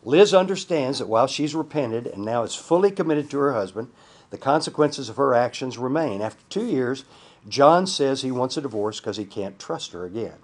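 Husky man teaching a counseling class. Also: medium pitch, lively intonation, normal speed. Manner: folksy, repeats points, asks the class questions. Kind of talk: teaching a class, reading a case study.

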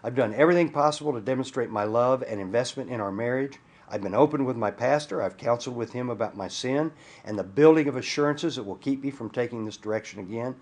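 A man's voice: medium pitch, fast talker, darkish tone, lightly acted. A man reading the lines of a remorseful wife pleading during counseling, in his own voice. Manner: earnest, reading aloud.

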